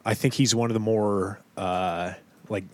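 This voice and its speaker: Easygoing male host, lowish voice, chatty and a bit hesitant. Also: steady tone, a little slow. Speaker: podcast host. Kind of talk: casual group chat.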